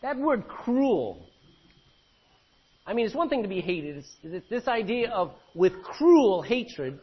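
A man's voice: high voice, very animated, moderate pace, husky, muffled recording. A man preaching an expository sermon. He reads scripture verse by verse, then explains it with questions to the congregation. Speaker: pastor.

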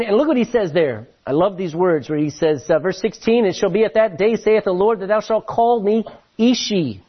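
A pastor delivers a sermon, telling stories animatedly and restarting his sentences often. His voice is high and a little husky, and the audio sounds dull.

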